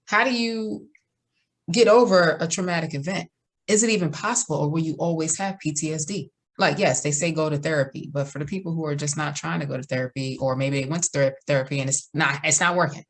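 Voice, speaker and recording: A woman's voice: sits low, fairly quick. A woman co-hosting a podcast in casual chat, adding short agreements and teasing asides. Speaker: podcast co-host.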